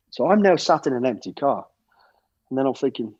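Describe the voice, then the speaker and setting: A man's voice: medium pitch, fast talker, breathy edge, dry recording, muffled recording. A middle-aged man telling anecdotes as a podcast guest, stumbling over repeated words and acting out what people said. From United Kingdom. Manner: lively storyteller, repeats words, acts out quotes. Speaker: guest, former soldier and bodyguard. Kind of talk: anecdotal storytelling.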